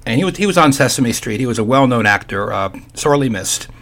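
A man's voice: medium pitch, animated, fast talker, fairly bright tone. An older man hosting a casual radio talk show, folksy and chatty with playful asides.

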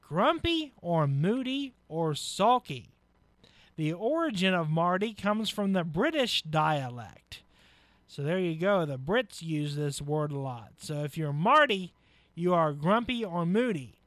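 High-voiced folksy radio host. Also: male voice, expressive, a bit bright, dry recording. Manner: folksy, chuckling, with filler pauses. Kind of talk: casual live radio chat. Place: radio studio.

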